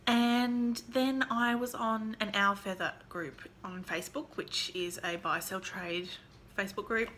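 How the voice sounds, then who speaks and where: Bright-voiced, gushing woman. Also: mid-range voice, measured pace, a little hiss or hum. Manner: gushing, excitable, chatty with many fillers. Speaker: vlogger showing a tarot deck haul. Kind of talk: casual chat.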